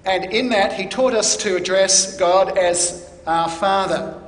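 Measured preacher in an echoey hall. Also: male voice, sits high. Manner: measured, deliberate teaching with stressed key words. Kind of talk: sermon.

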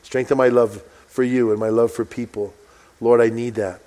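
A middle-aged male pastor giving a sermon, chatting casually between slow, emphatic readings of a psalm. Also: mid-range voice, level tone, mellow. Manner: conversational preaching, reads scripture slowly and emphatically.

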